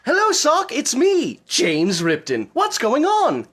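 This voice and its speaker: A woman's voice: high voice, wildly swooping pitch, slow, fairly bright tone, full character voice. A woman voicing a cheerful, oblivious man in a comedy puppet skit, with a chipper, sing-song delivery.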